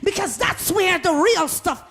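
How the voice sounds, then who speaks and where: A woman preaching a sermon with fervor, laughing often and swinging from talk into shouts as she calls on the congregation. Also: extremely high pitch, expressive, unhurried.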